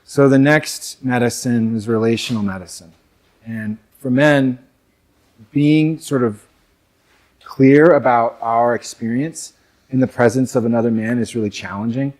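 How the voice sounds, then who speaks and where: A man's voice: mid-range voice, measured pace, darkish tone. A young adult man from North America gives a reflective, conversational talk on men's work to a live audience, with many fillers and asides.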